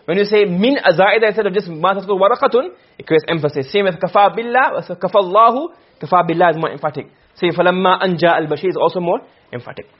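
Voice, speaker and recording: A male teacher gives a grammar lesson, firing quick questions at his students. His voice sits high and comes out husky, and he talks at a brisk clip. The recording sounds muffled and lo-fi. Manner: quizzing students with frequent questions. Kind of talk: classroom lesson on Arabic grammar.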